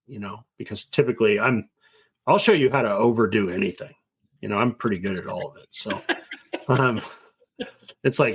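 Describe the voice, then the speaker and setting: A man's voice: mid-range voice, normal speed. Earnest rambling middle-aged man. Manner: earnest, rambling, acts out quotes. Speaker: guest. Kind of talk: casual conversation.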